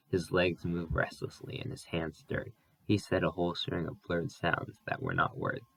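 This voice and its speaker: A man reading a novel aloud as an audiobook, careful and unhurried, with small slips he corrects. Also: sits low, creaky, a bit bright, no echo, poor audio. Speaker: audiobook reader. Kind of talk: audiobook narration.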